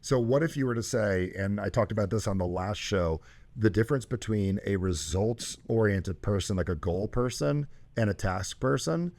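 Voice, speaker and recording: A man hosting a show and coaching a caller, talking emphatically with loud, high bursts. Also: lively intonation, normal speed. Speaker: host and coach.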